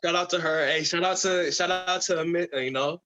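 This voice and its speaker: A man's voice: a little high, fairly even intonation, brisk, pushed and bright, rough recording. A man co-hosting a podcast in casual chat who jokes around and trails off into fillers. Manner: loose, joking, trails off with fillers. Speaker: podcast co-host.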